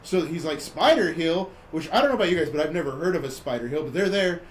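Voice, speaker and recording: Male podcast host, high voice, loose rambling storyteller who plays the quotes. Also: racing, a little hiss or hum. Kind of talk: casual chat, retelling a movie plot.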